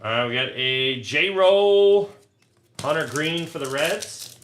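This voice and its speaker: A male card-break host calls out each card and keeps breaking into blunt, profane, sarcastic rants. His voice is bright and forceful, and it sits slightly high. It echoes in a roomy space, with wrappers crinkling and faint noise behind. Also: expressive, slow. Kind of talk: casual live card-break commentary. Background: crinkling card wrappers, clicks.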